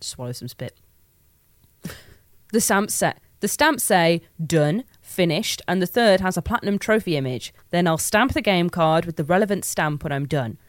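A woman's voice: on the low side, animated, moderate pace, dry recording, clean studio sound. A young woman with a Midlands accent hosts a podcast in a casual, playful way, giggling often and reading viewer comments aloud. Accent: Midlands English. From English Midlands. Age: young adult. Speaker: podcast host.

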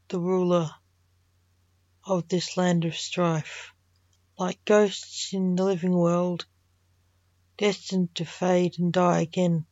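A woman author reading her own dark, poetic story in a slow, measured way, in a dull lo-fi recording. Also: fairly low pitch, no echo.

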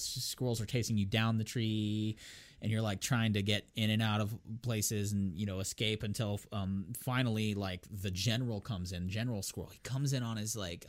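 A man co-hosting a casual podcast chat, eagerly retelling a video game and acting out its characters in quick voices. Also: lowish voice. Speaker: podcast co-host.

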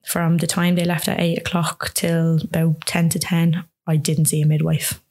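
A woman's voice: deep voice, completely flat delivery, normal speed, darkish tone. A young Irish woman frankly telling a personal story in conversation, speaking earnestly and often filling with "like". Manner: earnest, frank, lots of "like" fillers. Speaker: guest.

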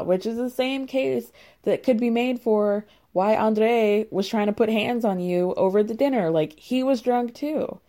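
A woman's voice: on the high side, unhurried, dark tone. A woman casually recapping a reality show, chatty and sarcastic with lots of "like.". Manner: chatty and sarcastic, heavy use of "like". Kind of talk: casual chat.

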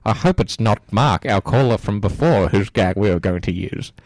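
Bloke playing a cheesy aussie radio host, low voice, making ring noises. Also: male voice, expressive, moderate pace, no room sound, natural voice. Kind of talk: improvised comedy sketch.

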